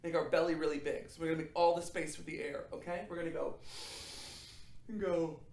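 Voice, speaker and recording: A young adult man teaching children a drama warm-up, upbeat and encouraging, checking in often. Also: a little high, steady tone, a little fast, echoey room. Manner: upbeat, encouraging, frequent "okay?" check-ins. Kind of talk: guided acting warm-up for children.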